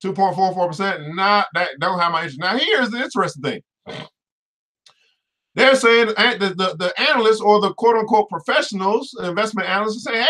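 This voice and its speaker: A man hosting a finance show in an energetic, preachy way, full of exclamatory asides. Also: high-pitched, brisk. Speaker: host. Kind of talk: casual finance show talk.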